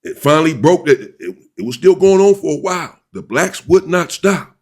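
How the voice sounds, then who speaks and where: Man, fairly high voice, slow deliberate storytelling, repeats himself for emphasis. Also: sing-song, darkish tone. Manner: deliberate, repeats and restates points. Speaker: former inmate recounting a prison riot. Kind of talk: first-person storytelling.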